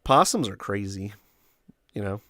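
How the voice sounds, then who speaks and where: A young man hosting a casual chat with friends, telling stories with animated quoting and loud shrieked impressions. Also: lowish voice, measured pace, no echo, clean studio sound. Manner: animated storytelling, acts out quotes in squeals and shrieks. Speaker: host.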